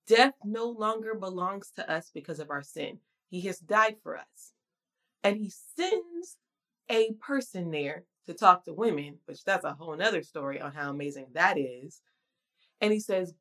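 A woman's voice: mid-range voice, a bit bright. A woman preaching a casual devotional sermon in a conversational, slangy and emphatic way.

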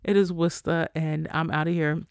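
A man hosting his own podcast alone, talking casually in a blunt, profane, animated way as he gives his listeners a pep talk. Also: a little high, moderate pace, creaky, clear, resonant tone, no echo, clean studio sound. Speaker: podcast host.

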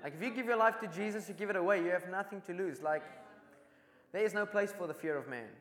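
A man with a South African accent telling personal faith stories in an earnest, animated way. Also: high voice, fast talker. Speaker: evangelist. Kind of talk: casual storytelling testimony. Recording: echoey room.

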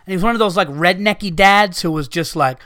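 A man's voice: high voice, brisk, bright, forceful tone, no echo, clean studio sound. A man hosting a podcast, ranting with profane exasperation to his listeners while recovering from being sick. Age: adult with young children. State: recovering from illness. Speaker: podcast host.

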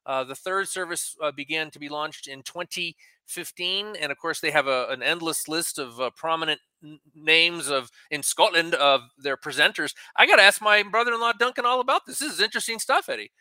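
A male radio co-host with a rather bright, slightly high voice, recorded close and dry. He reads facts from his notes in a chatty tone and breaks in with quick asides. The sound is plain studio talk. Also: smooth, dry recording. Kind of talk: casual radio talk, reading news items.

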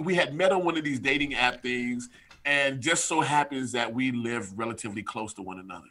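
Bright, animated male storyteller. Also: mid-range voice, fairly quick. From United States. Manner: animated storyteller, addresses listeners directly. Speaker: podcast guest, strength coach. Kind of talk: casual chat, storytelling.

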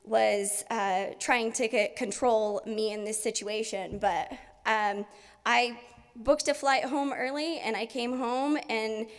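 A woman telling a personal story on stage before an audience, halting with fillers and laughing. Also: on the high side, fairly even intonation. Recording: long hall reverb.

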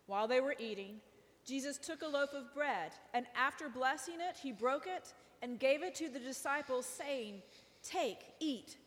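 A woman reading scripture aloud in a slow, solemn group reading. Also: high-pitched, fairly bright tone. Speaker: scripture reader. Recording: hall reverb.

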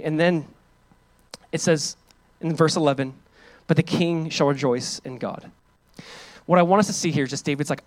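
A male pastor giving a sermon. He talks casually to the congregation and reads scripture aloud with loud, rising emphasis. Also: on the high side, moderate pace, pauses often. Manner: calls on the congregation to join in.

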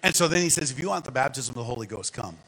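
A man preaching a sermon as guest speaker, animated and calling on the congregation to answer back. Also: medium pitch, very fast, slightly rough, low-quality recording. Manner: animated, calls the congregation to respond.

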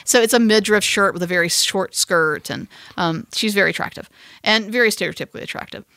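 A woman co-hosting a podcast, telling a story in an animated, emphatic way. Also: mid-range voice, fast talker, creaky, dry recording, studio quality. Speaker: podcast co-host. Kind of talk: casual chat.

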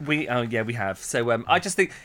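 A man from Britain co-hosting a podcast, rambling and halting, with many fillers as he trails off. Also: mid-range voice, lively intonation, a bit bright. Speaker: podcast co-host. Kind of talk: casual chat reviewing a TV episode.

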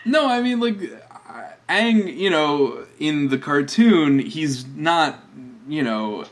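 A man's voice: fairly high pitch, expressive, takes it slowly. A man co-hosting a podcast, discussing a film in a casual, chatty way with frequent laughs and fillers. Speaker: podcast co-host.

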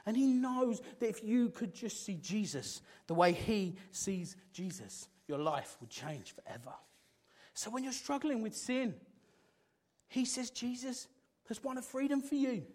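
A man delivers a sermon in a notably high voice for a man. He preaches with passion, rising to loud exclamations and then dropping to a hushed intensity. His voice lifts and falls all through the message. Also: lively intonation, measured pace.

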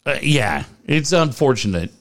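A man's voice: medium pitch, sing-song, a little slow, fairly bright tone. A man co-hosting a sports podcast in casual, blunt and profane talk. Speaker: podcast co-host.

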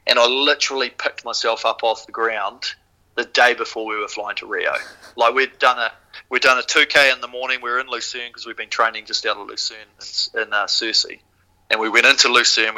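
A podcast guest and former rower from New Zealand, with a New Zealand accent and a medium-pitched voice, tells a story casually. He swears freely and retells it in an animated way, on a rough recording.

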